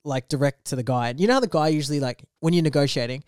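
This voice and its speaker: A young man tells a story to a friend on a podcast, rattling along at a quick clip. His voice sits a little high, and the recording is close and dry, with almost no room sound. He acts out the people in his story as he goes. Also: darkish tone, smooth, dry recording. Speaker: podcast co-host. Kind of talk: casual storytelling chat.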